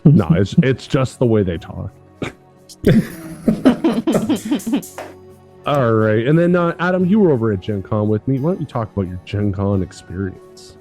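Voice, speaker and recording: A man's voice: mid-range voice, big pitch swings, unhurried, long pauses, dark tone, soft background music. A man from Canada hosting a casual podcast chat, loose and chatty, laughing often. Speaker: podcast host.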